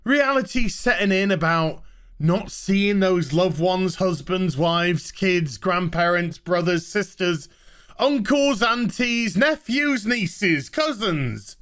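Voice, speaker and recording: A man's voice: high-pitched, expressive, slow, a bit bright, clear, resonant tone. A man ranting sarcastically in an exasperated review vlog about a TV episode. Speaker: TV show reviewer.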